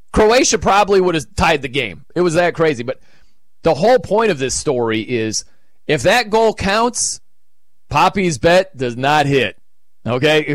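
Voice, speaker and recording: A man hosting a sports radio show, talking casually and acting out excited and deflated reactions. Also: a little high, dry recording, studio quality. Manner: animated, acts out quoted reactions.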